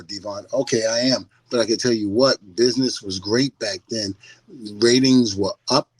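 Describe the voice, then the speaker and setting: Middle-aged man, casual podcast chat, animated storytelling, laughs often, dry close mic. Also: medium pitch, dry recording, poor audio. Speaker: podcast guest.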